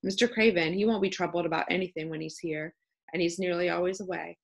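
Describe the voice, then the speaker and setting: A woman puts on a sturdy young housemaid with a thick Yorkshire accent, frank and unruffled. She talks plainly and at length, in a low voice with a gravelly edge. This is a storybook reading. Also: steady tone, fast. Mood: chatty. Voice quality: homely dialect, stout and plain-spoken. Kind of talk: audiobook character voice.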